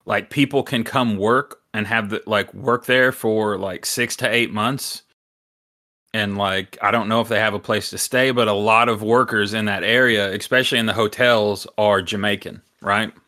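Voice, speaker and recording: A man's voice: fairly low pitch, fairly even intonation, normal speed, bright, forceful tone. A man hosting a podcast, telling a story in a rambling, casual way with lots of filler words and some swearing. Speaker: podcast host.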